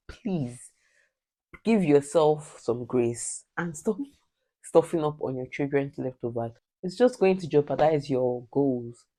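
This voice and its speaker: A woman's voice: low voice, mellow. Emphatic Nigerian woman giving advice. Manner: direct, preachy, emphatic repetition. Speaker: vlogger. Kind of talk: casual advice vlog.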